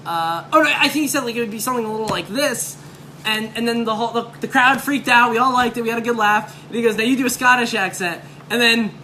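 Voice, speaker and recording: A man from New Jersey hosting a casual chat, telling stories in an animated, rambling way. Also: extremely high pitch, fast talker, slight background noise, low-quality recording. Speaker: host.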